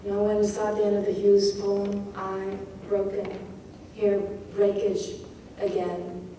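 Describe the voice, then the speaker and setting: Slow woman lecturing in an echoey hall. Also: medium pitch, completely flat delivery, mellow, distant mic, slight background noise. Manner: slow, reads lines aloud and dwells on their sounds. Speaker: poet giving a craft talk. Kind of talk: lecture on poetry craft.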